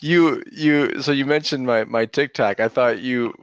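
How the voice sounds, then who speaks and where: A man's voice: mid-range voice, unhurried, smooth, no room sound, lo-fi sound. A man co-hosting a podcast, telling stories in a casual chat and acting out his kids' voices. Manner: animated storyteller acting out his kids' lines. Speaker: podcast co-host.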